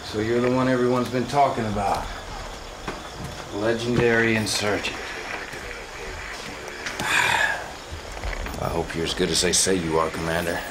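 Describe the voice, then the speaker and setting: A man's voice: fairly low pitch, fairly even intonation, measured pace, long pauses, heavy background noise, natural voice. An actor playing a male military officer who gives a casual, wry mission briefing in a game cutscene.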